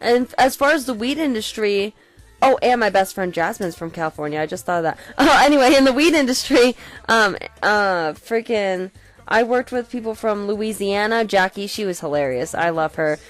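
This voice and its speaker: A woman's voice: medium pitch, lively intonation, moderate pace. A young woman from Colorado talks loosely in a casual podcast chat. She rambles, drifts between thoughts and swears freely. Faint music sits behind her voice. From Colorado, USA.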